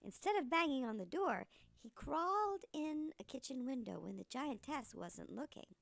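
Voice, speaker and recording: Animated woman reading a storybook aloud. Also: high voice, moderate pace, gravelly, dry recording.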